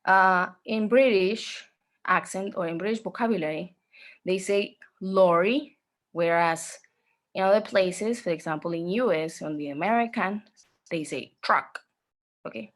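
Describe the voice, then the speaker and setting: A woman teaching an online exam-prep class, speaking slowly, repeating herself and often checking in with "okay?". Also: fairly low pitch, fairly bright tone. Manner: slow, repetitive, checks in with "okay?".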